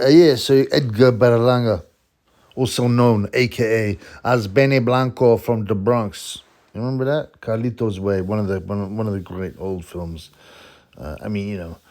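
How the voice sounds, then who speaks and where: A man's voice: on the low side, a little mellow. A man hosting his own channel, talking casually and at length, with lots of restarts and strong opinions. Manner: rambling, opinionated, many restarts. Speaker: boxing channel host. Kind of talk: casual rambling commentary.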